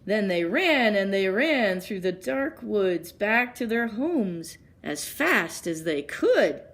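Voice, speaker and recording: A woman librarian reading picture books aloud at story time, gently pausing to ask children questions. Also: mid-range voice, very animated.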